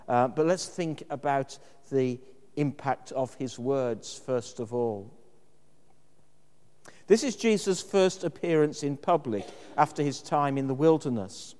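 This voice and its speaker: A man's voice: on the high side, a little mellow, long reverb tail. A man preaching a sermon in a thoughtful, conversational way, with occasional fillers.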